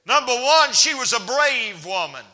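A man's voice: very high-pitched, very animated, normal speed, sharp tone. A man preaching a folksy, humorous sermon as a traveling evangelist in a church. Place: church hall. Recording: reverberant church hall.

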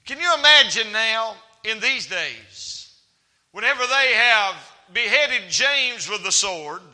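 Male evangelist, very high bright voice, folksy sermon delivery, church hall reverb. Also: animated, slow. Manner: folksy preaching with humor and rising emphasis. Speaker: evangelist preacher.

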